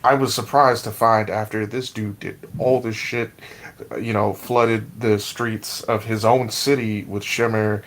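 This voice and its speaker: A man on a podcast, talking slowly and thoughtfully about a show, swearing casually. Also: lowish voice, flat delivery, fairly bright tone, rough recording. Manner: slow and measured, swears casually. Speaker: podcast co-host. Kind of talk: casual podcast review chat.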